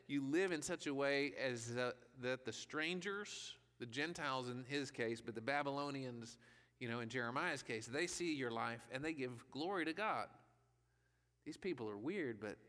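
A man's voice: medium pitch, moderate pace, sharp tone. A male pastor giving a conversational sermon, often checking in with rhetorical questions. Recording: long reverb of a hall.

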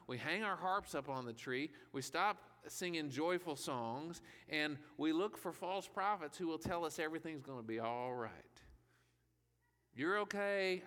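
Male pastor, slightly high and bright, chatty sermon with "right?" asides, reverberant church hall. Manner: conversational preaching with rhetorical questions.

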